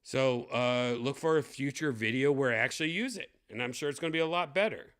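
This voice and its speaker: A man's voice: mid-range voice, a little fast, fairly bright tone, clear, resonant tone. A young man giving blunt, profane unboxing commentary, ranting with lots of fillers. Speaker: tech vlogger unboxing a VR headset.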